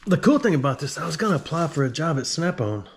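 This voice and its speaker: A man's voice: a little high, big pitch swings, fast, a little hiss or hum. A man with a drawl, working on a tool and talking to himself in a joking, rambling way. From Alabama. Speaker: video host. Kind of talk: casual workshop tinkering talk.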